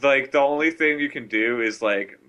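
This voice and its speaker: Rambling young man, bright voice. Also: medium pitch, moderate pace, dull audio. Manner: rambling, many fillers, crude. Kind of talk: casual chat.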